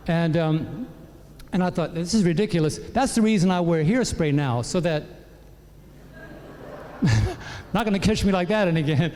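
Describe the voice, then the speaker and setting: Animated preacher man in an echoey hall. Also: fairly high pitch, normal speed, pauses often, slight background noise. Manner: animated storytelling, acting out relatives' lines. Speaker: pastor. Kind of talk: sermon testimony.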